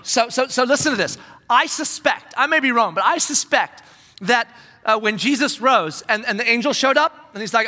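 A male pastor preaching a sermon with animated storytelling, swinging from loud to hushed whispers. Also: sits high, brisk. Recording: long reverb in a large hall.

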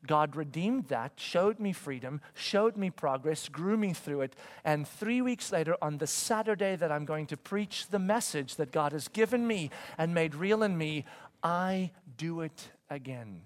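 A man in his forties preaching a sermon, telling a story with stammered restarts and swinging from loud to hushed. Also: on the high side, animated, measured pace. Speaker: pastor.

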